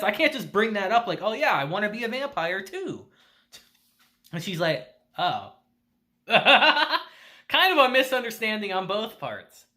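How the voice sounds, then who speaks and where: This is a man reviewing an anime episode in a relaxed, chatty way. His voice is bright and forward, and his pitch leaps around as he acts out the characters' lines. He laughs a lot and drops casual swears.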